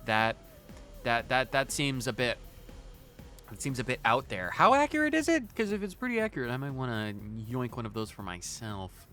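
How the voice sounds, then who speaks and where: A man streaming a game, chatting casually in an animated, joking way with frequent stammering restarts. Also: mid-range voice, normal speed, clean tone, soft background music. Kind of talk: casual gaming commentary.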